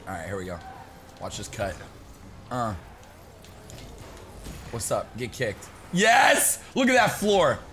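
A young man giving excited live gameplay commentary, shouting and laughing as he plays and chats to viewers. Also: mid-range voice, slow, long pauses, background noise. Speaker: gaming YouTuber.

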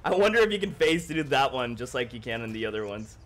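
A young man livestreaming a game in casual chat, excitable and joking as he thanks his chat. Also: medium pitch, fast talker.

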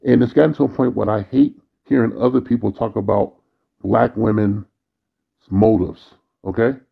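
A man rants into the camera in a bitter, worn-out monologue that is thick with cursing. His voice is gravelly and husky. The recording sounds dull and lo-fi. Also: on the low side, fairly even intonation, moderate pace. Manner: bitter, weary ranting, frequent cursing. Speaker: vlogger. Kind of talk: angry profane monologue.

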